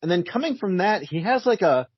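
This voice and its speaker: Wry man with a lively, husky voice. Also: sits high, brisk, no room sound, dull audio. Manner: wry, joking asides with laughs. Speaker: podcast co-host. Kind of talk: casual comic book chat.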